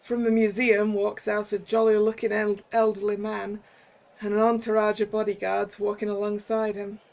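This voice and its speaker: A woman's voice: medium pitch, completely flat delivery, normal speed, creaky, a little mellow. A British woman streamer reading a visual novel aloud, joking about her own accent work. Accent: British English. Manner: self-deprecating, giggly. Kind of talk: reading a game aloud with commentary.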